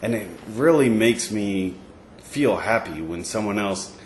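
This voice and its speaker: A man co-hosting a podcast, telling a story in a rambling way with many pauses and fillers. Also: fairly low pitch, lively intonation, darkish tone, echoey room, slight background noise. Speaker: podcast co-host. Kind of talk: casual chat.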